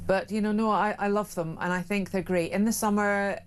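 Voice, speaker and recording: A woman is a guest on a radio talk show. She speaks at a middle pitch. She chats in a wry, opinionated way. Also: fairly even intonation, brisk, a little hiss or hum. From Glasgow, Scotland. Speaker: studio guest. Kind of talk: casual chat. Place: radio studio.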